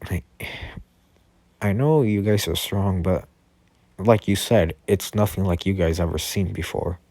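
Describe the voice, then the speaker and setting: A man's voice: sits low, unhurried, dark tone, no echo. Deku, a nervous teen hero, told by a man. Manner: hesitant, questioning, with many fillers. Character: nervous teenage boy hero. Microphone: Discord voice chat.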